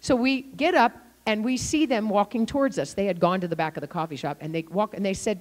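A woman's voice: medium pitch, brisk, hardly any pauses. A woman preaching in a church, telling a story with acted-out quotes and frequent laughter. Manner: animated, acts out quotes, laughs often. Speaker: guest speaker. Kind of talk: sermon storytelling.

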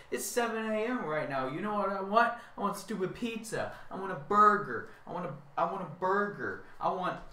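A young man with a high, bright, forceful voice rambles through a whiny, self-mocking rant, repeating himself as he complains. The recording sounds echoey, with him far from the mic.

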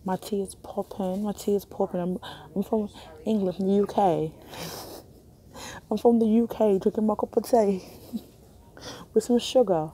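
A woman's voice: medium pitch, fairly even intonation, unhurried, long pauses, mellow, a little hiss or hum. A young woman chatting casually on a phone vlog in a hospital waiting area, rambling and laughing often. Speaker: vlogger. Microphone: phone camera held in hand.

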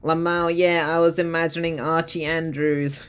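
A man's voice: on the high side, level tone, moderate pace, fairly bright tone, smooth, soft background music. A man streaming a video game, rambling, giggling and chatting to his viewers. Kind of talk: casual live-stream chat while playing.

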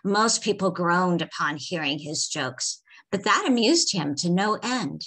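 A woman author reading her folktale aloud in a measured, expressive way. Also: fairly low pitch. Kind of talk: storytelling read-aloud.

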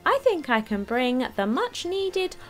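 A woman's voice: sits high, big pitch swings, a little slow, soft background music. Woman doing a bouncy frog-suit guy. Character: cheerful young man in a frog suit.

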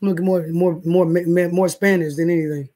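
A man's voice: high-pitched, little pitch movement, brisk, dark tone. A man hosting a casual livestream from his bed, rambling and swearing as he talks to viewers in the chat. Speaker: livestream host. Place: indoors, in bed.

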